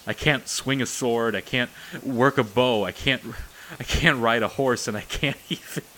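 A man reading aloud and voicing a young prince, a self-doubting youngest brother who speaks quietly or rants bitterly. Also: low voice, steady tone, normal speed, slight background noise, rough recording. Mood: ranting. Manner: quiet, then ranting and shouting in frustration.

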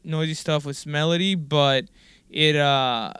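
A man's voice: a little high, steady tone, unhurried, a bit bright, clean tone, no room sound. A man in his forties telling a long, rambling story in a casual interview, with lots of fillers and the odd swear word. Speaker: guest musician.

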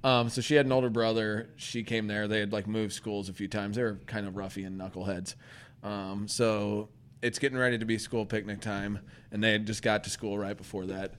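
Animated man telling a story. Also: fairly low pitch, brisk, a little hiss or hum. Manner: animated storyteller, laughs and swears. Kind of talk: casual chat.

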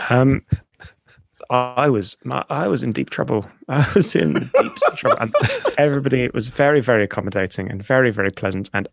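A man's voice: mid-range voice, animated, brisk, creaky. A man hosting a podcast, telling stories in a rambling, self-deprecating, casual way. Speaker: podcast host. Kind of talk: casual chat.

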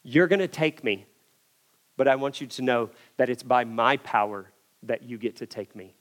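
A man voicing a calm, commanding male divine teacher, speaking softly and deliberately. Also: mid-range voice, voice pushed down, close to an everyday voice.

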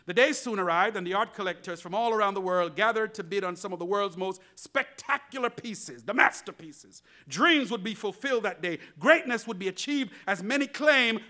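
Male pastor, lively sermon storyteller, bright and forceful tone, pitch a bit high. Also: normal speed. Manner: animated storytelling, addresses congregation.

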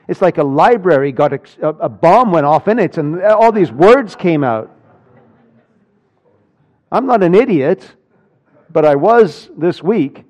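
A man preaching a sermon, telling a personal story with animated swings between loud and hushed delivery. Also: fairly high pitch, a little slow, long pauses. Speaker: pastor.

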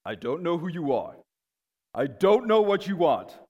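A man putting on a steely middle-aged father who makes calm, deliberate threats down the phone, each word slow and measured. The voice sits a touch high and rings with the long reverb of a big hall. It sounds like a live classroom impression. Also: dull audio. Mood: menacing.

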